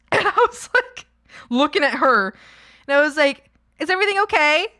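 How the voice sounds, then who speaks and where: A woman's voice: sits high, very animated, measured pace, pushed and bright, dry recording, studio quality. A young woman streamer telling her chat a story in a rambling way, full of "like" and restarts.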